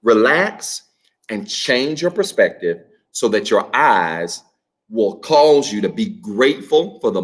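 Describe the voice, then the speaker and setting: A man's voice: lowish voice, a bit bright. A man preaching a sermon to an online congregation, emphatic and repetitive, speaking straight to his viewers. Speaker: pastor. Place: church livestream.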